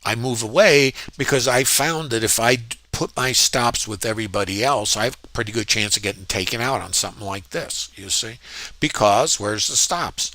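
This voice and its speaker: Man, trading lesson, conversational, rhetorical questions, bright tone, middle pitch. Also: normal speed, no room sound. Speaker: trading educator. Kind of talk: screen-share trading lesson.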